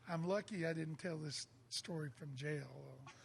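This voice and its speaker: A man, telling a lively bar story in a casual chat and acting out the people he quotes. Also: on the high side, measured pace, vocal fry, crowd noise. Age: 60s. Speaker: songwriter guest.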